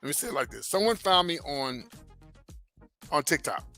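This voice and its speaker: A man's voice: a little high, sing-song, normal speed, gravelly, sharp tone, faint music behind. A man hosting an entertainment gossip show, chatting casually and animatedly with viewers, calling them baby and child. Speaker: host of a celebrity gossip channel.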